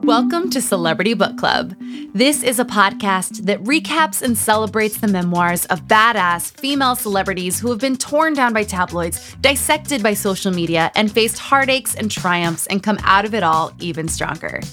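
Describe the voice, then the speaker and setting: A woman's voice: medium pitch, expressive, normal speed, a bit bright, faint music behind. A woman in her thirties hosting a podcast in a chatty, bubbly way, rambling with lots of filler words. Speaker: podcast host.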